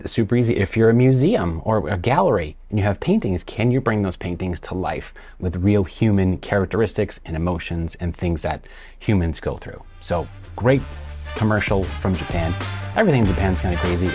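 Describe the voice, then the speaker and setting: Man, low voice, casual solo show host, rambling and animated, faint music underneath. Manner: rambling, animated retelling with restarts. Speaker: podcast host.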